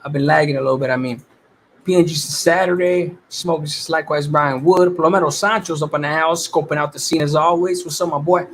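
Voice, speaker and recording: A man with a fairly high voice chats on a casual livestream. He talks in loose, laid-back slang, swears freely and greets viewers one by one. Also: steady tone, fairly quick, a bit bright, slight background noise. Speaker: livestream host.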